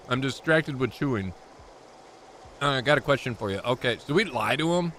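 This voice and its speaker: A man's voice: medium pitch, animated, moderate pace, a bit bright, slight background noise. A young man streaming a video game live, joking crudely and rambling as he plays. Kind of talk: live gameplay commentary.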